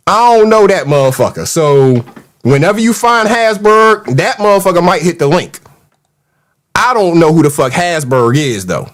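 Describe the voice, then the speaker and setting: A man's voice: fairly high pitch, lively intonation, moderate pace. A man hosting a casual livestream, ranting in a mocking, profane, heated way and reacting to the live chat. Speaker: show host.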